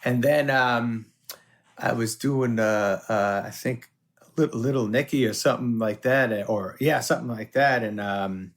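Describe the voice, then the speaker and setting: Gravelly man telling animated stories. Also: medium pitch, unhurried. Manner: animated, swears often, acts out voices in anecdotes. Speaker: guest. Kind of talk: casual storytelling chat.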